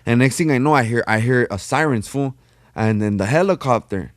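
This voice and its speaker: A man's voice: mid-range voice, animated, fairly quick, no echo, clean studio sound. Slangy, profane man telling a story. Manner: slangy, profane, says "fool" constantly. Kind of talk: casual chat, storytelling.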